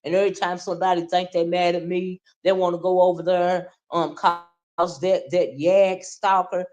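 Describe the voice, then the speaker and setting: A woman's voice: on the low side, flat delivery, moderate pace. A woman hosting a livestream, ranting casually and talking straight to her viewers, often checking in with "right?" and "okay?". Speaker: livestream host. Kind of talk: casual livestream rant, reading chat.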